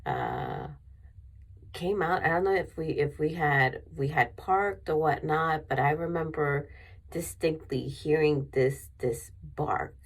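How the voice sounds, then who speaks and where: Low, husky, gravelly-voiced woman storyteller. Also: very animated, takes it slowly. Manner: rambling, with many restarts and fillers. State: emotional, near tears. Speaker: vlogger. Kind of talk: personal storytelling.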